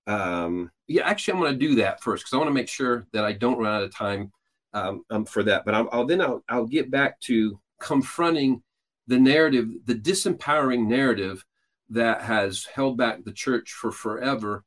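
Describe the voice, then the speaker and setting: A man's voice: mid-range voice, normal speed. Rambling middle-voiced male host. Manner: rambling, with many restarts and filler sounds. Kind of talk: casual teaching talk.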